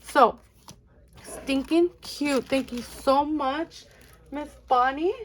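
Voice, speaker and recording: A young woman with a high voice talks in an unhurried, drawn-out way. She gushes over each item she unboxes and keeps calling her viewers "friends". It is a casual, excitable vlog chat. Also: a little hiss or hum. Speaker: budgeting channel host.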